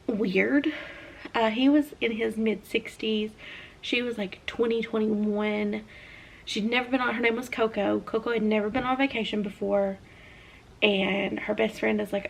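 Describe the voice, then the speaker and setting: Gravelly-voiced Southern woman chatting casually. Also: medium pitch, measured pace, pauses often, a little hiss or hum. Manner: chatty, animated hand talker with many fillers. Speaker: book reviewer. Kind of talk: casual chat.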